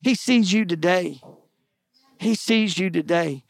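A man's voice: high voice, takes it slowly, creaky, no room sound, studio quality. A middle-aged man preaching a sermon in an earnest, conversational way, with folksy asides to the congregation. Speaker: pastor.

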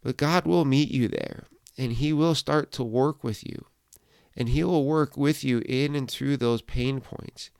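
A man's voice: mid-range voice, a little slow, creaky, a little mellow, clean tone, dry recording, studio quality. A middle-aged male pastor speaking earnestly and encouragingly in a reflective devotional podcast talk.

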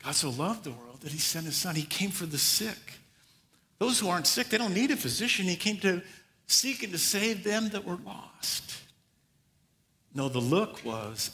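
Bright-voiced man preaching a sermon. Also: high voice, big-room sound. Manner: animated storytelling with quick acted asides. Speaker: pastor.

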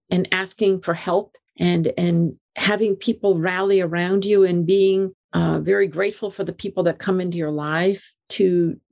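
An older woman, a podcast guest, tells an emotional personal story in an animated way, repeating and restarting her words. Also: lowish voice. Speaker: interview guest.

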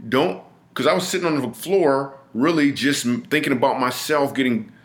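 A man's voice: medium pitch, brisk. A middle-aged man, a comedian guest on a podcast, telling a personal story in an earnest, vivid way, often restarting and repeating himself.

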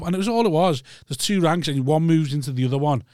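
Man, fast, a bit high, dry sound, laughing storyteller. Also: animated, darkish tone, no room sound. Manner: laughing, sweary anecdote teller. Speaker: former taxi driver, co-host. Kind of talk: casual podcast chat.

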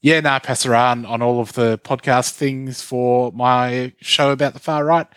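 A man hosting a podcast, with relaxed, sweary banter as he runs the show plugs. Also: mid-range voice, unhurried, smooth, no room sound. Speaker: podcast host. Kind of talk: casual podcast chat.

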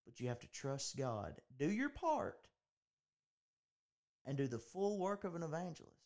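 A man's voice: medium pitch, lively intonation, fairly quick, darkish tone. A man hosting a podcast, talking in an earnest preaching style, often restarting and repeating his phrases. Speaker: podcast host.

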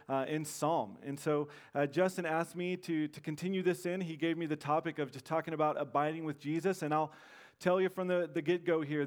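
A man in his thirties from Texas preaching a sermon. He speaks informally, tells stories and uses many fillers and restarts. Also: a little high. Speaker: visiting preacher.

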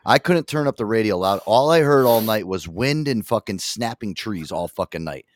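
A man's voice: on the low side, animated, moderate pace. A man hosting a radio show, telling a story casually and swearing constantly.

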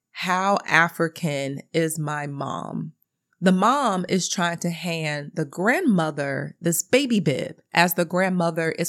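A woman's voice: low-pitched, a bit bright. A woman in her thirties, a podcast host telling a story in a casual, candid way and swearing freely. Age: 30s.

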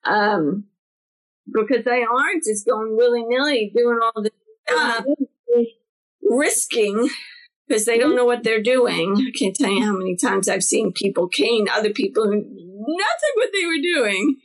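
A middle-aged woman from New Jersey talks casually as a podcast co-host, her fairly high voice leaping up when she acts out what people said. She tells stories with lively, animated energy. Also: unhurried, poor audio. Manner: animated storyteller, acts out quotes with big pitch jumps. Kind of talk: casual chat.

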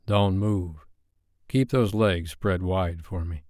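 Commanding grown man, low and coaxing, voiced by the narrator. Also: fairly even intonation, takes it slowly, a little mellow, no room sound, studio quality.

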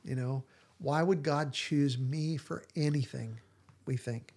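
A man's voice: on the high side, slow, a little mellow. A man hosting a podcast, retelling scenes in casual chat and acting out the quoted lines with animation. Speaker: podcast host.

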